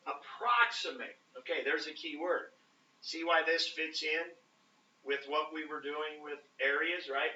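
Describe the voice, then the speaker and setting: A man's voice: fairly high pitch, bright, forceful tone, slight background noise. A man teaching a math class, talking casually with many fillers and often checking in with the students. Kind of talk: classroom lecture. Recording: roomy, distant, dull classroom audio.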